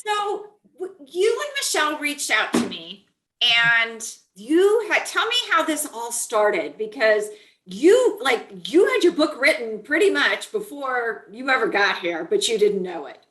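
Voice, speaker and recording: A woman hosting an interview podcast, chatty and quick to laugh. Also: fairly high pitch, big pitch swings, a bit bright, reverberant. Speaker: podcast host.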